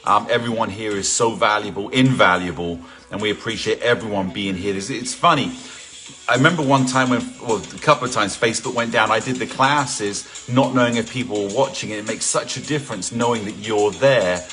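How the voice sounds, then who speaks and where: A man's voice: on the low side, fairly quick, pushed and bright. A middle-aged man from England hosting a live home workout session, chatting casually, greeting viewers by name and joking. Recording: faint music in the background.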